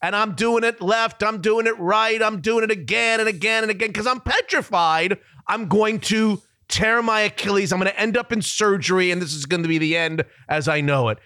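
A man hosting a sports podcast, telling a story in a casual, animated way and laughing at himself. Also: high-pitched, moderate pace, hardly any pauses, clear, resonant tone, dry recording, clean studio sound. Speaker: sports radio host.

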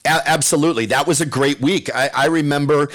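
A man's voice: a little high, a little fast, fairly bright tone. A middle-aged man telling a story on a radio show, laughing often and acting out the quotes.

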